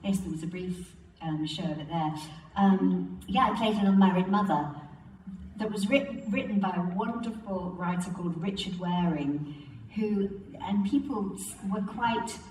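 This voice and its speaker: An older woman actress from England, telling warm theatre stories in an interview, acting out quotes and laughing often. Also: lowish voice, moderate pace, distant mic. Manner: animated storyteller, acts out quotes and laughs often. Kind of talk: relaxed anecdotal interview. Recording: roomy, off-mic, faint background hiss.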